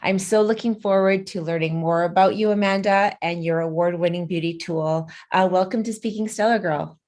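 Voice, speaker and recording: A woman's voice: fairly low pitch, fairly even intonation, moderate pace, a little mellow. A woman hosting an interview podcast, introducing her guest and asking questions in an enthusiastic, upbeat way. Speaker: podcast host.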